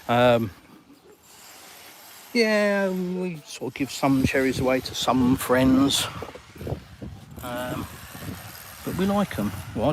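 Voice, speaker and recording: A middle-aged man with an English accent, hosting a casual live Q&A outdoors. He talks bluntly and teases viewers with jokey banter in a middle-pitched voice. Faint ambient noise sits behind him. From England. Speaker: livestream host. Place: outdoors on a sunny balcony.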